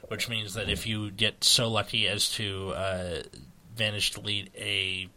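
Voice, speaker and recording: Bright-voiced American man rambling. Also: on the low side, little pitch movement, unhurried, slight background noise. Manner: rambling, many fillers and restarts. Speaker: podcast co-host. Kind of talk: casual chat about a card game.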